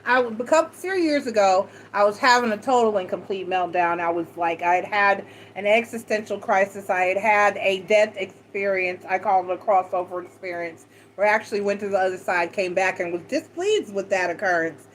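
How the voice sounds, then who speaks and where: A woman's voice: medium pitch, brisk, slight background noise, rough recording. A woman giving a casual, rambling tarot reading, frank and a bit salty, acting out quoted talk with a raised voice. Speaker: tarot reader.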